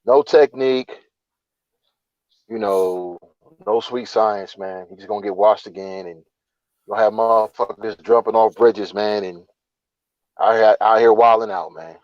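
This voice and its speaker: A man's voice: lowish voice, fairly even intonation, a little slow, pauses often, a little mellow, dry recording. Emphatic man on dull, dry audio. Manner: emphatic, ends nearly every phrase with "man". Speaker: boxing podcast co-host. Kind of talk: casual boxing chat.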